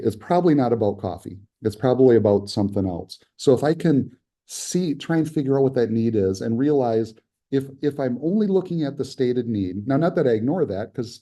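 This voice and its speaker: A man's voice: mid-range voice, mellow. A man giving a conversational lecture as an instructor, often acting out short quoted complaints and replies. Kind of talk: lecture on conflict resolution.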